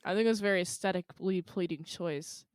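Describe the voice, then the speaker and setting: A woman's voice: on the low side, fast, smooth, no room sound, studio quality. A woman guest on a film podcast, talking casually and animatedly, acting out lines from scenes. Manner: animated, acts out characters' lines in quotes.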